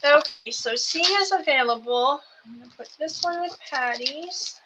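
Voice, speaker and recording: A woman hosting a live selling show, going through each craft kit item by item in an unhurried way. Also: sits high, pushed and bright, rough recording. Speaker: host selling craft kits. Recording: background noise with clicks.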